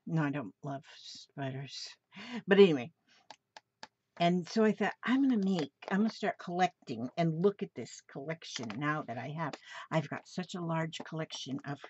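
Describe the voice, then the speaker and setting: A crafting vlogger with a low, darkish voice gushes and exclaims while showing off gifts that arrived in the mail. It's a casual show-and-tell of the package, captured in a slightly dull home recording with faint noise.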